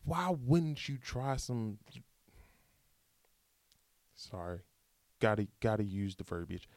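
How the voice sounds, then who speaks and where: A man's voice: fairly low pitch, takes it slowly, no room sound. A man hosting a podcast, giving a casual, rambling motivational monologue in slangy American speech. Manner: animated, rambling, slangy pep talk. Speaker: podcast host.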